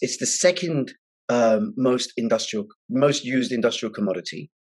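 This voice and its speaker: A man's voice: mid-range voice, normal speed, darkish tone, husky. A man hosting an interview, asking brief prompting questions. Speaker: host.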